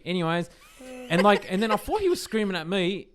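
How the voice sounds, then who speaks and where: Animated Australian man telling rambling stories. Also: high voice, fairly quick, crowd noise. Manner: animated, rambling anecdotes with swearing and many restarts. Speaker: podcast co-host. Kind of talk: casual chat.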